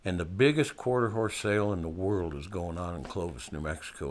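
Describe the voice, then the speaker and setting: A man's voice: lowish voice, expressive, fairly quick. An older man from Montana telling a personal story in a folksy, wry way, laughing at himself.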